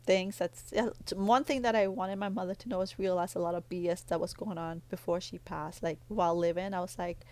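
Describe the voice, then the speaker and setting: Woman, middle-aged, low-ish voice, rambling heartfelt chat, vlogger. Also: steady tone, a little fast, hardly any pauses, a little mellow. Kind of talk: casual chat while doing nails.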